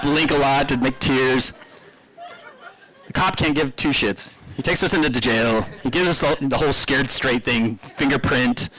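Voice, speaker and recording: A man's voice: mid-range voice, sharp tone, poor audio. A man telling loose, laughing stories about an old friend at a memorial service, in a casual rambling way with many fillers. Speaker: eulogy speaker. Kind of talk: casual storytelling eulogy.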